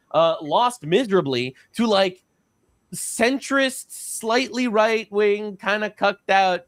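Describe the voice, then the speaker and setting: A man with a rather high voice hosts a casual podcast, rambling and sarcastic and full of fillers. His voice is recorded dry and close, with no room sound. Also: a bit bright, no room sound. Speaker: podcast host.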